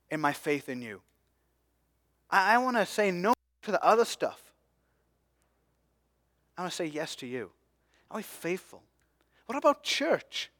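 A man preaching a sermon as pastor, passionate, swinging from hushed asides to loud emphatic peaks. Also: high voice, dry recording, studio quality.

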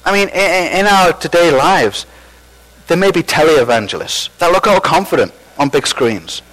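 A man's voice: fairly high pitch, expressive, moderate pace, fairly bright tone, rough recording. A man preaching a sermon as pastor, conversational and self-deprecating, with false starts.

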